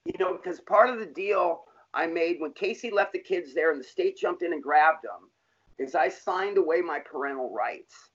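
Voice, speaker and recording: In a dull, lo-fi recording, a middle-aged man with a fairly high, husky voice tells his life story during an interview. He's candid, blunt, and profane, speaking in plain street talk.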